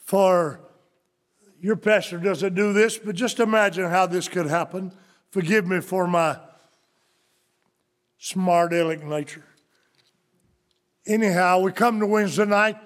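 A pastor preaching in a high, light man's voice. He takes his time, letting words stretch out slowly as he builds to emphatic lines. His delivery is folksy and good-humoured. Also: steady tone. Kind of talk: sermon.

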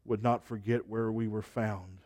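A man preaching a sermon and leading a closing prayer, building phrases through repetition and letting his line endings fall soft and quiet. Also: lowish voice, fairly even intonation. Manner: slow, rhythmic preaching with repeated phrases and soft trailing endings. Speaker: pastor.

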